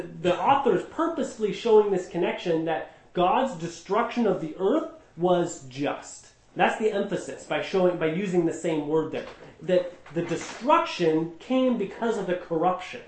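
A man's voice: high-pitched, a little mellow. A man teaching a group Bible study, emphatic and explanatory, often asking rhetorical questions. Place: indoor room with a group. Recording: echoey room.

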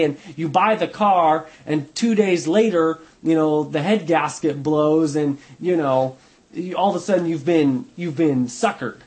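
A man with a notably high voice teaches an informal Bible study. He talks conversationally, thinking out loud and softening his points with hedges. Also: normal speed. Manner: conversational, thinking aloud, hedging with "kind of".

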